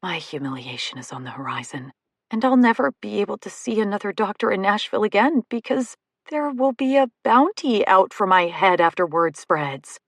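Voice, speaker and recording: A woman reading a first-person romantic comedy audiobook, expressive and comic in the dialogue. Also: mid-range voice, moderate pace, dry recording, studio quality. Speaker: audiobook narrator.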